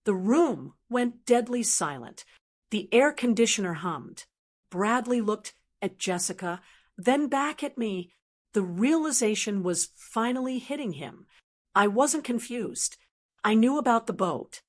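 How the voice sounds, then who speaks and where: A woman narrating a first-person drama story in a calm, dry, measured way. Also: a little high.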